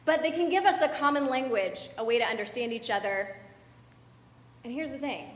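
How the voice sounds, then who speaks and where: A woman's voice: a little high, moderate pace. A young adult woman pastor giving a conversational sermon, chatty, with fillers and asides to the congregation. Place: church sanctuary. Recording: echoey church hall.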